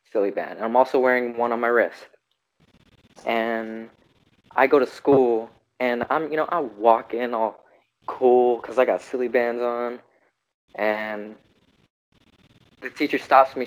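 A young man in casual chat, telling a story in a relaxed, rambling way with hesitant restarts. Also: mid-range voice, poor audio. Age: young adult.

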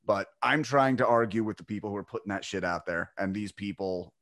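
A man's voice: lowish voice, a little fast, fairly bright tone. A man hosting a podcast, talking bluntly and sarcastically with plenty of swearing. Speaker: podcast host. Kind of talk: casual conversation.

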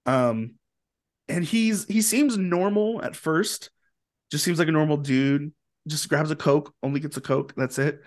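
A man's voice: on the high side, unhurried. Man telling a story animatedly. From Indianapolis area, USA. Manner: animated, acts out quotes with filler words. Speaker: guest musician. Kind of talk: casual storytelling.

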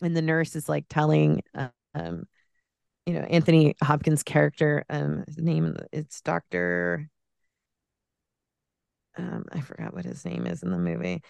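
A woman talking as a podcast guest in a loose, heartfelt ramble, often circling back and restarting her thoughts. Her voice is smooth and resonant but has a gravelly fry underneath. The recording is close and dry. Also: sits low, unhurried, darkish tone, dry recording. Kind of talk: casual film discussion.

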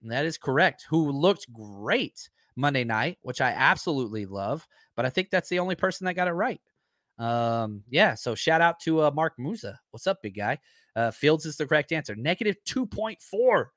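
A man's voice: a little high, big pitch swings, normal speed, fairly bright tone, no room sound, studio quality. A man hosting a football live stream in a casual, chatty way, full of fillers and restarts as he runs through stats.

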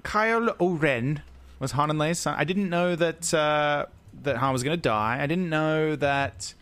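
A man's voice: fairly high pitch, measured pace, fairly bright tone, clear, resonant tone. A man co-hosting a podcast, chatting casually and rambling with restarts and fillers. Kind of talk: casual chat.

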